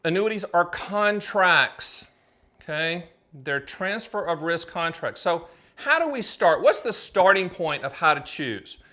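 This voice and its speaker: A middle-aged man with a slightly raised voice talks straight to camera, hosting his own explainer show. He drives his points home in punchy, salesy bursts, firing rhetorical questions and tossing in quick asides before snapping back on track. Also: sits high, animated, sharp tone. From United States. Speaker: annuity agent and show host. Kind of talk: energetic solo explainer to camera.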